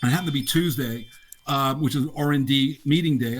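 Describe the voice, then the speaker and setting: A man's voice: medium pitch, moderate pace, slight background noise. An older man, a game designer, casually telling laughing anecdotes in an interview. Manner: animated, laughing anecdotes with acted quotes.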